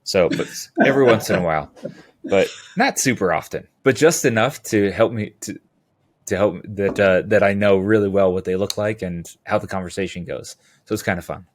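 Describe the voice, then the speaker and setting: A man from California talking as a podcast guest, rambling and animated, with quick asides and restarts. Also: on the low side. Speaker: podcast guest, utility locator. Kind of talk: casual interview talk.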